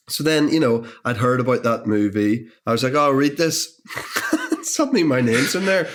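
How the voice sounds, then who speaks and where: Low-voiced Northern Irish man, chatty. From Northern Ireland. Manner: animated, repeats words when thinking. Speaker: actor guest. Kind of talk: casual interview chat. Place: indoors over a lunch table.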